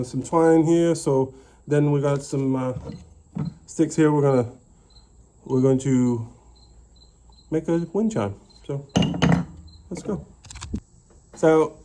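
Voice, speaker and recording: A man's voice: fairly high pitch, mellow. A man with a mixed English accent chatting casually and muttering to himself while he builds something by hand. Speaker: DIY maker. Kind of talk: casual workshop narration.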